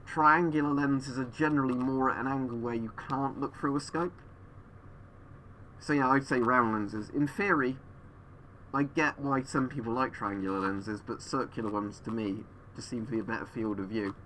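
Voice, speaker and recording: Bright-voiced man rambling through a gas mask. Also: mid-range voice, fairly even intonation, normal speed, a little hiss or hum, poor audio. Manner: rambling, thinking aloud with fillers. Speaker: streamer. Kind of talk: live-stream chat answering viewers. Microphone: webcam.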